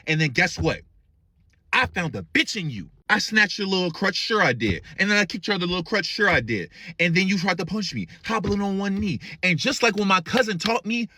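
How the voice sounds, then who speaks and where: A man telling a brawl story in an animated, trash-talking rant. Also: sits high, no room sound. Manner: animated, trash-talking, swings between voices.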